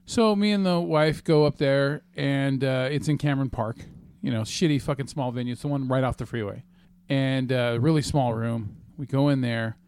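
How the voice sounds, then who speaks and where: A man's voice: mid-range voice, normal speed, a little mellow, smooth. Profane man telling a story. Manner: profane storytelling, many fillers. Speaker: podcast co-host. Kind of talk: casual chat.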